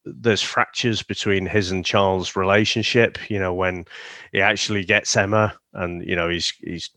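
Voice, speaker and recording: Low-voiced man reviewing movies. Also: fairly even intonation, normal speed, pushed and bright, dry recording. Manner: rambling, frequent fillers and restarts. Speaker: podcast co-host. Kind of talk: casual movie review chat.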